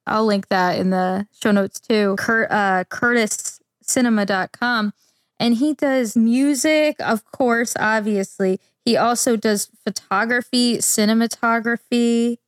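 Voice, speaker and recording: Woman co-host, higher voice, giggly and enthusiastic, dry studio sound. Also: fairly even intonation, measured pace, no room sound. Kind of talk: casual chat.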